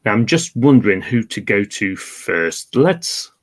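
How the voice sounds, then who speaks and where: Man, quiz host, very animated pitch, dry wry delivery. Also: a little slow. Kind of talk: casual panel game hosting.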